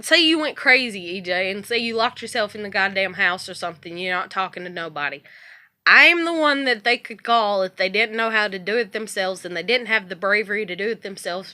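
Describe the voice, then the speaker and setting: A woman's voice: mid-range voice, bright, forceful tone. A woman vlogger in a heated monologue to the camera, confrontational, swearing heavily and raising her voice as she talks.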